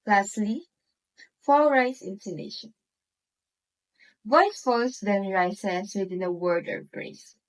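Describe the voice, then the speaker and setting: A woman with a Filipino accent, a student presenting a classroom lesson and reading examples aloud in a slow, deliberate way. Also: medium pitch, poor audio.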